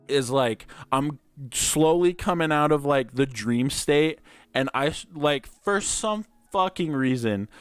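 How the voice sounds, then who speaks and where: A man's voice: medium pitch, clear, resonant tone, no echo. A young man hosting a podcast, telling stories in a crude, laid-back way that is full of "like" and swearing. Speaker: podcast host. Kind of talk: casual storytelling chat.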